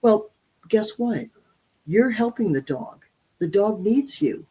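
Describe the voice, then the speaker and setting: A woman's voice: medium pitch, animated, slow, mellow, slightly rough. A woman guest in a casual interview, blunt and emphatic, acting out her own inner voice as she talks about parenting.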